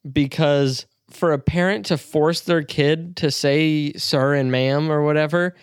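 A man's voice: fairly high pitch, fairly even intonation, measured pace, smooth, dry recording, studio quality. A man co-hosting a casual podcast chat, joking and swearing with frequent laughter. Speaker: podcast co-host.

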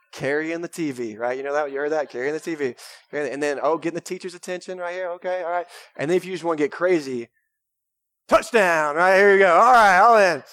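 A young man, preaching a sermon in a casual, energetic way with lots of "right?" and "man". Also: medium pitch, no echo, studio quality. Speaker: pastor. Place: church sanctuary.

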